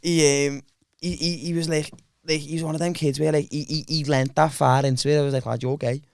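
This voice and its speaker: A man's voice: on the high side, flat delivery, a little fast, a little mellow, smooth, dry recording, clean studio sound. A man hosting a casual podcast chat, rambling and swearing, calling everyone "lad". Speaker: podcast host and stand-up comic.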